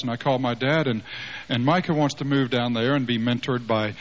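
A man's voice: mid-range voice, quick pace. Man telling a story in a sermon. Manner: animated, acts out dialogue with many restarts. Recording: slightly muffled with faint hiss.

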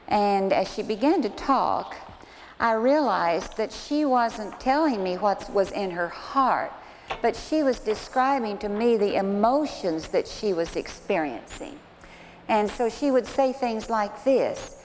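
A woman's voice: mid-range voice, lively intonation, slow, darkish tone. A woman, a Christian counselor, tells a counseling story in an earnest sermon style with direct asides to her listeners. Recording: long hall reverb, faint noise.

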